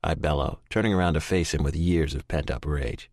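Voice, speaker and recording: Deep-voiced man narrating an intense audiobook. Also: brisk, darkish tone, dry recording, clean studio sound. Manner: intense, brooding, profane inner monologue. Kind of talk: first-person romance audiobook narration.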